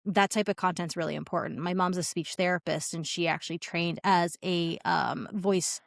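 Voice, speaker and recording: A woman hosting a casual podcast interview, chatty and animated, laughing often. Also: lowish voice, moderate pace, gravelly, no room sound, clean studio sound. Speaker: podcast host.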